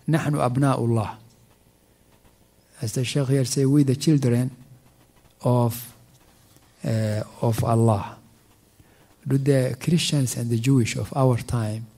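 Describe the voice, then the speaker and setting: Male teacher at a mosque, mellow tone, halting and repetitive delivery, quick recitation. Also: mid-range voice. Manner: halting, repeats words while searching for them; recites verses in quick Arabic, then translates slowly. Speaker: teacher explaining Quran commentary. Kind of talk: mosque tafsir class.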